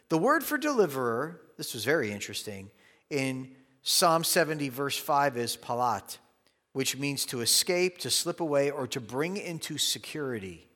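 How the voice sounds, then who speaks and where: A man's voice: on the high side, fairly bright tone, in a large hall. A man preaching a Bible-teaching sermon, earnest and emphatic as he explains the meaning of words.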